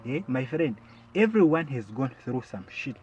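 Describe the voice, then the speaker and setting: Addressing the audience as "my friend" and capping his lines with "yeah?", a male comic runs through a sarcastic bit. His mid-pitched voice swings widely in pitch at a normal pace and sounds a little mellow, while the audio is dull with a slight hiss or hum.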